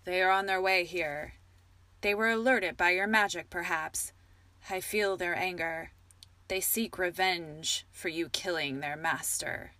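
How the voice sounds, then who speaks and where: A woman doing a calm wise wizard. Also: lowish voice, measured pace, no echo. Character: calm wise male wizard, dry and wry.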